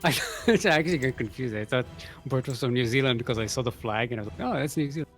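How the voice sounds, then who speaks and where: A man's voice: mid-range voice, quick pace, soft background music. A man casting a live strategy-game match with a playful, joking manner. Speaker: esports caster.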